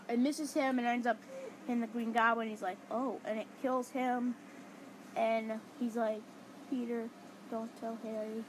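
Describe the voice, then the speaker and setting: A woman's voice: on the high side, slight background noise, poor audio. A woman counting down her favourite movie fight scenes in a casual, rambling way, full of enthusiasm and fillers like "like". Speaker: movie reviewer.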